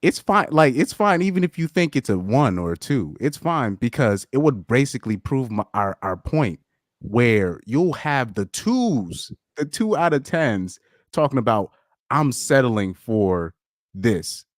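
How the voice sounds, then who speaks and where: A man hosting a casual live stream chat, talking in an animated, rambling way, with frequent laughs and repeated words. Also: medium pitch, a little slow, no room sound, clean studio sound. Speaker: podcast host.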